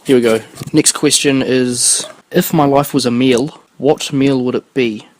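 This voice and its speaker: A man's voice: mid-range voice, fairly even intonation, unhurried, poor audio. A young man, hosting a casual solo podcast and rambling along with plenty of swearing. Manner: rambling, sweary, laid-back. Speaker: podcast host.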